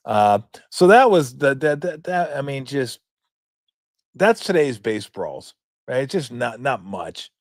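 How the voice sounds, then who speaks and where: A man's voice: mid-range voice, sing-song, slow, no room sound, studio quality. A man in his fifties hosting a sports talk show, commenting in a rambling, joking, profane way. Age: 50s.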